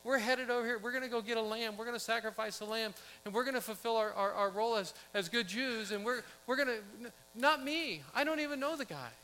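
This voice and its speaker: A man voicing a reluctant passerby who stammers out panicked protests in a higher voice. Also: quick pace, hardly any pauses, sharp tone, poor audio. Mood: panicked pleading.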